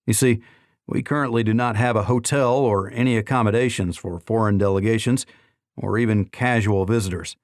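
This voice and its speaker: A man doing a smooth, cool secretary of state. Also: on the low side, a little fast, dry recording, studio quality, natural voice. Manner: polished, diplomatic.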